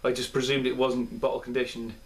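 A man's voice: medium pitch, little pitch movement, fairly quick. Rambling, chatty male beer reviewer. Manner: rambling, chatty, self-deprecating. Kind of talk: casual chat. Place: indoor room at home.

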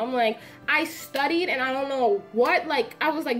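A young adult woman telling a casual storytime vlog in a dramatic, animated way, full of slangy asides. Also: sits high, moderate pace, hardly any pauses, faint music behind. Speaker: vlogger.

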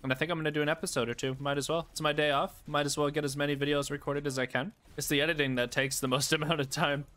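A man casually commentating his gameplay, excitable, often laughing and yelping at what happens on screen. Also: a little high, fast talker, few pauses. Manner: excitable, laughs and yelps at the game. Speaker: gaming YouTuber.

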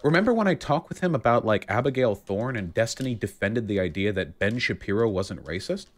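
A man giving heated livestream commentary, animated and mocking, with frequent fillers. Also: lowish voice, brisk. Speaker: streamer.

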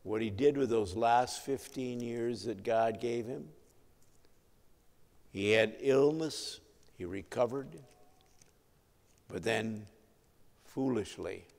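A man preaching at an unhurried, deliberate pace, his mid-range voice ringing through a church sanctuary with a long reverb trailing each phrase. He tells the story like a seasoned pastor, letting the voice swell and sink to drive home each point. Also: fairly low pitch, creaky, darkish tone. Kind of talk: sermon.

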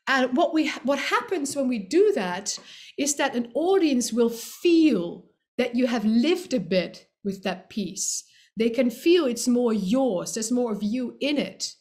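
A woman's voice: on the high side, expressive, slow, a little mellow. A woman who is a singer and voice teacher, giving a friendly, explanatory and lightly playful recorded presentation lesson.

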